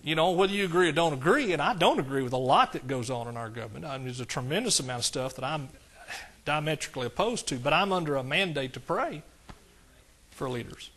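A middle-aged man with an East Texas accent preaching a conversational sermon in a church, folksy and plain-spoken, calling for amens and rising higher and louder on the points he stresses. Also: expressive, quick pace. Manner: folksy, calls for amens, rises high and loud on emphatic points. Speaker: pastor.

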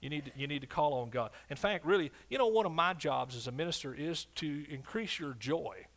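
A male pastor delivers a sermon, alternating between booming proclamations and soft asides and frequently calling for an amen. His voice sits on the high side, and he speaks expressively and briskly.

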